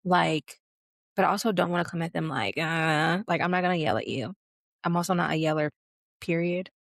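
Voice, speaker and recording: A young woman with a lowish voice, chatting on a podcast she co-hosts. She talks loosely, with fillers and restarts, and laughs easily. The sound is close and dry. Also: fairly quick, gravelly, no room sound. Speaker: podcast co-host. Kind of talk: casual chat.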